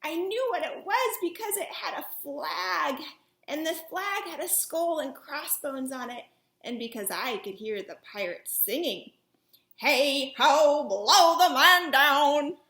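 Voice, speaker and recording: Playful woman reading a picture book to kids, high, lively and unhurried, echoey room. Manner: playful and animated, with soft asides. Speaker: children's story reader. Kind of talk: read-aloud storytelling for children.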